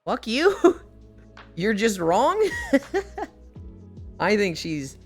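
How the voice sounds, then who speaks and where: A woman's voice: mid-range voice, big pitch swings, very slow, faint music behind. A woman live-streaming in casual chat, telling stories animatedly with frequent swearing and laughter.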